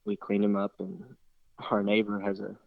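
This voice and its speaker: Young man, lowish voice, rambling casual storytelling, many restarts, dry slightly dull sound. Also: flat delivery, normal speed, vocal fry, dry recording. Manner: rambling, full of restarts and fillers. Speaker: interview guest, hunter.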